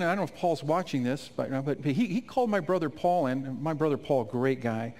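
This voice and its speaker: A man's voice: a little high, lively intonation, a little fast, hardly any pauses. Man preaching an emotional testimony. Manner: emotional storytelling, rising to near-shouts at climaxes. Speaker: conference speaker. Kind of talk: testimony sermon. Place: conference stage.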